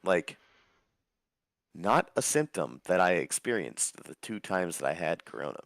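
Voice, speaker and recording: A man's voice: low-pitched, sing-song, measured pace, vocal fry, fairly bright tone, no room sound, clean studio sound. A man with a sore throat, chatting in a laid-back way as a stream guest. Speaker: guest on livestream. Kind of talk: casual chat.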